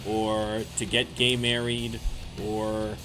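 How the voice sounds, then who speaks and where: A Canadian man with a Canadian accent streams a game with music in the background, offering casual let's-play commentary. His voice sits on the low side, slow and completely flat, yet he's chatty, throws in joking asides and talks directly to chat.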